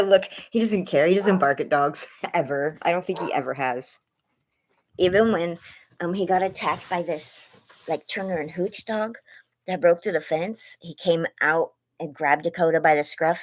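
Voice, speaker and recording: A woman's voice: lowish voice, measured pace, slight background noise. A woman chatting casually on a phone livestream from bed, rambling and gushing hellos to viewers by name, her voice getting worn as she says she's losing it. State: losing her voice, lungs hurting. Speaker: livestream host. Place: in bed at home.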